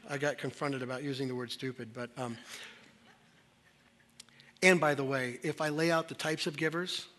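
Bright-voiced man preaching a sermon. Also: medium pitch, fairly even intonation, normal speed, slight background noise. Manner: emphatic, conversational preaching with rising intensity. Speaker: pastor. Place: church service.

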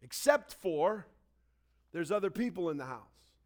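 High-voiced man preaching a sermon. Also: unhurried. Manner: animated storytelling, shouting quoted lines. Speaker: pastor.

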